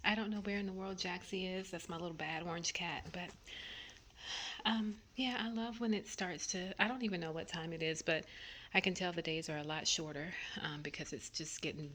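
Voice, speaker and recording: A woman vlogging from her bedroom, thinking aloud in a soft, often half-whispered voice with lots of ums and trailing thoughts. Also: on the low side, fairly even intonation, normal speed. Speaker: home decor vlogger. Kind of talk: casual thinking-aloud vlog.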